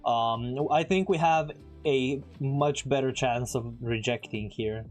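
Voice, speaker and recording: A man giving casual live-stream commentary as he trades, chatting with viewers and throwing in quick asides. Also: mid-range voice, a little mellow, faint music behind.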